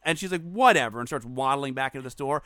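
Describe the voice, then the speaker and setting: A man, chatting as a podcast co-host, telling animated stories, swearing freely and acting out what people said. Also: mid-range voice, fast talker, noisy background. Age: 40s. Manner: animated storyteller, swears freely, acts out quotes. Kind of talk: casual chat.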